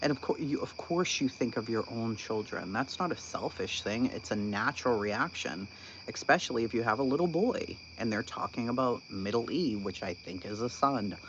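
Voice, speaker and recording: A man hosting a channel, talking casually about online drama in an animated, incredulous way and laughing often. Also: medium pitch, moderate pace. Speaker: channel host. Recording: dull lo-fi sound with constant background noise.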